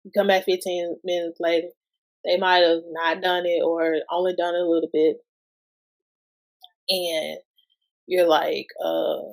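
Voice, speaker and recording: On a podcast she's guest-hosting, a woman talks casually and slowly about parenting, throwing out many rhetorical questions. Her voice is lowish, flat in delivery and creaky.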